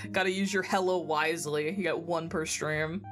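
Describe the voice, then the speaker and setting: A woman streamer with a deep, steady, unhurried voice chats casually as she plays a game. She giggles a lot and swears freely, and her throat sounds phlegmy and congested. Game music plays behind her.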